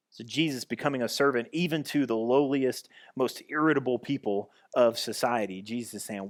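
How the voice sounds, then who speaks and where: A man's voice: mid-range voice, fairly quick, few pauses. A man pastor giving a conversational sermon, restarting and repeating phrases as he goes.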